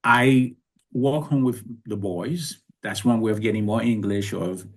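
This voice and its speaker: A man's voice: lowish voice, a little slow. A man in his sixties from Haiti, telling his life story in a reflective, conversational way as an interview guest. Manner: reflective, conversational, with frequent restarts.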